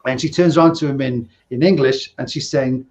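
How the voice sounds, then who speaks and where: A man's voice: medium pitch, a little fast, darkish tone, slight background noise. A man co-hosting a podcast, telling rambling casino anecdotes in casual chat, often checking in with "right?". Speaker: podcast co-host, former casino dealer.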